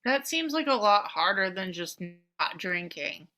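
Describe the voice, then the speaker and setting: A woman in her thirties co-hosting a podcast, chatting casually and animatedly, swearing and swinging her pitch. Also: unhurried. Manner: animated, swearing, jumps between pitch levels. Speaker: podcast co-host. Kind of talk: casual chat.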